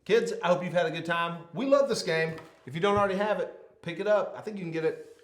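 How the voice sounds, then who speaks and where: A man's voice: high-pitched, fast talker, roomy sound. A man hosting a children's church video, coaxing a child through a mouthpiece game and turning it into a short Bible lesson. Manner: laughing, coaxing, animated. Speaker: children's ministry host. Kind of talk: playful kids' devotional.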